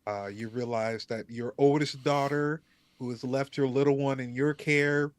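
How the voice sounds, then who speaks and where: A man narrating a tabletop role-playing game as game master, pausing often with ums as he thinks. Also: mid-range voice, steady tone, dry recording. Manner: slow, hesitant, many ums.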